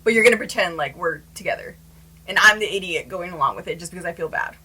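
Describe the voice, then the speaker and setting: A young woman telling a story to her camera in a casual, animated way, with many "like" fillers. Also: on the low side, fast talker, husky, poor audio. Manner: chatty, animated, lots of "like" fillers.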